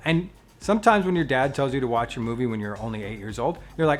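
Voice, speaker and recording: A man chatting on his own vlog in a relaxed, conversational way. His voice sits at an ordinary middle pitch and he talks with playful, animated energy, teasing his own firm opinions. Soft music plays faintly behind him. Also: a little fast. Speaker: vlogger and channel host.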